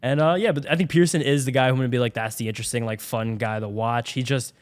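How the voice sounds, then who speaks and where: A young man co-hosting a casual sports podcast, rambling through team breakdowns. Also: mid-range voice. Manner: fast, rambling, animated baseball talk. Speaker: podcast co-host.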